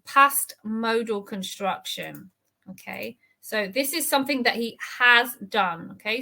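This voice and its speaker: A woman teaching an advanced English reading lesson, walking through words and grammar with patient, clear explanations. Her voice is bright and forceful, sitting a little high, and she checks in with learners often.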